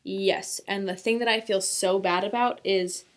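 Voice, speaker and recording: A young woman co-hosting a podcast, chatting casually and candidly about new motherhood, with animated sarcastic retellings. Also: mid-range voice, unhurried. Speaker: podcast co-host. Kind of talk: casual chat.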